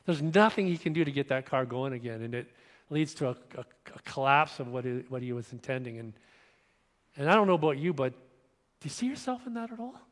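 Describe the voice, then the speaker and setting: A man preaching a sermon in a church, getting over a cold with an occasional cough, talking conversationally with restarts and questions to the congregation. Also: fairly high pitch. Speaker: pastor. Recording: long reverb of a church hall.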